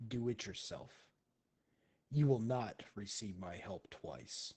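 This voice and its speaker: Man voicing a hulking stern warrior, deep, quiet, curt, cold, tabletop game. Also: expressive, slow, slightly rough, heavily acted. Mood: contemptuous.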